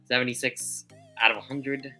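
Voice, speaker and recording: A woman's voice: rumbling low, fairly even intonation, moderate pace, sharp tone, soft background music. A woman talking casually about film in a hesitant, self-correcting way.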